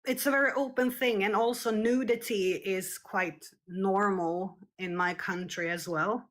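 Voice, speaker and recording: A woman's voice: medium pitch, steady tone, a little slow. A young woman from Scandinavia, talking in a casual street conversation, hesitant and searching for words. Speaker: street interviewee.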